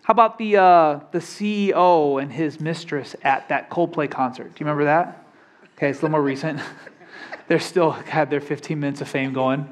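Young male preacher, casual sermon delivery, voice sits a bit high, keeps checking in with the congregation. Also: normal speed. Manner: conversational preaching, asks congregation questions. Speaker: pastor.

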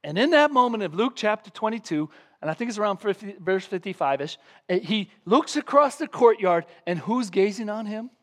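High-voiced man preaching a lively sermon. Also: a little fast. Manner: animated preaching, acting out scenes with raised voice. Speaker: pastor. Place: church.

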